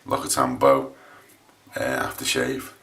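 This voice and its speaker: Very deep-voiced English man, rambling. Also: monotone, unhurried, creaky, a bit bright. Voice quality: low voice. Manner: rambling, hesitant, lots of restarts. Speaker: shaving vlogger. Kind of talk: casual chat while shaving on camera.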